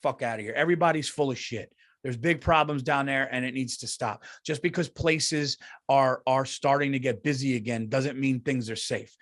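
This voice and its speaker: A man's voice: mid-range voice, moderate pace, fairly bright tone. A middle-aged man, hosting a comedy podcast in a heated, profane, repetitive rant. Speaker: podcast host.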